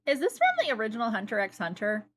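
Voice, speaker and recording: A woman's voice: on the high side, huge pitch swings, quick pace, breathy edge. A woman streamer chatting casually with her viewers in a chatty, dry and matter-of-fact way. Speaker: livestreamer. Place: seated at a desk.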